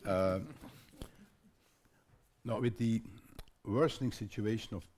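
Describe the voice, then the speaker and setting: An older man chairs a conference panel in a lowish voice, stopping often with fillers and restarts. A faint hiss of noise sits under his speech. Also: darkish tone. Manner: halting, many fillers and restarts. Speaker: panel moderator. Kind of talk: hesitant conference panel moderation.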